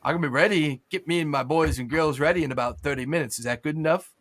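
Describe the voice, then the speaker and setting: A man's voice: on the high side, fast talker, a bit bright, lightly acted. A man voicing a weary, friendly male half-ogre mercenary who drawls and calls people mate. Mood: casual.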